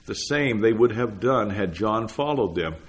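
Male reader for old sermon text, lowish voice, unhurried and deliberate. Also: expressive. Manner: measured, deliberate reading. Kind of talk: read-aloud sermon text.

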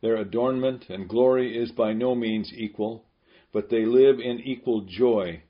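A man's voice: mid-range voice, a little slow. Solemn man reading a devotional prayer. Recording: dull lo-fi recording.

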